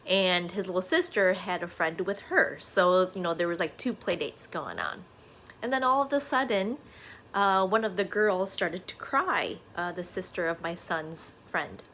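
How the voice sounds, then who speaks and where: A woman's voice: fairly low pitch, unhurried, fairly bright tone, a little hiss or hum. A woman in her thirties talking earnestly to her viewers in a casual vlog, with lots of "uh" and "you know". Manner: earnest, conversational, many fillers like "uh" and "you know". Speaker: vlogger. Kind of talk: casual reflective monologue to camera.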